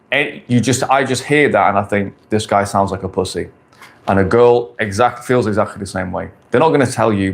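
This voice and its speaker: Blunt, crude man in his forties. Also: lowish voice. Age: 40s. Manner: blunt, crude, confident, repeats points. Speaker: dating coach streamer. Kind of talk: casual live-stream Q&A. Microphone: phone or camera on a stand.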